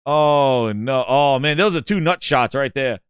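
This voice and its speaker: A man hosting a gaming channel in casual commentary, excitable and joking, swearing freely. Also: mid-range voice, unhurried, smooth, no echo, studio quality.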